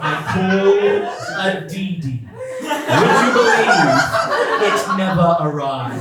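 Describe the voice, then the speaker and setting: A young man performing a stand-up story, switching between deadpan narration and exasperated, disbelieving outbursts. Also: on the high side, very noisy. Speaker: stand-up comedian. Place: comedy venue stage. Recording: echoey venue heard from a distance with music.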